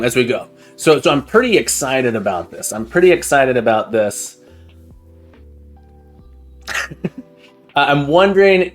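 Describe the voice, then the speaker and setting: Male coding-stream host, fairly high and very animated, excitable and jokey, restarts sentences, faint music underneath. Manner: excitable, chatty, repeats words and restarts often; laughs often and jokes with chat. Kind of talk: casual live-stream chat while coding.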